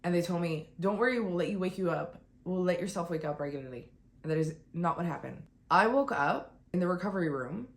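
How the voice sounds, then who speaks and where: A woman with a fairly low voice tells a painful personal story straight to camera, close to tears. She drops quiet, then flares up heated and indignant. Her voice rings in an echoey room. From United States. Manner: raw, upset, swings between quiet and heated. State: on the verge of tears. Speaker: vlogger. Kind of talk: emotional personal testimony.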